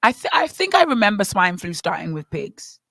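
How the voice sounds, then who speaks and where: Bahamian woman, bright forceful voice, dry studio, lively teasing radio chat. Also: medium pitch, moderate pace, vocal fry, dry recording. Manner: lively, teasing, animated storytelling. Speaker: radio co-host. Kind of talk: casual chat.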